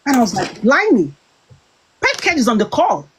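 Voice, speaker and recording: A British woman with a fairly high voice tells a long story of a falling-out in a casual, spoken way. She acts out what people said, restarts her sentences often and keeps the account moving. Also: quick pace, slight background noise, low-quality recording. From Britain. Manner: animated storytelling, quoting herself and others, frequent restarts. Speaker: guest recounting a dispute.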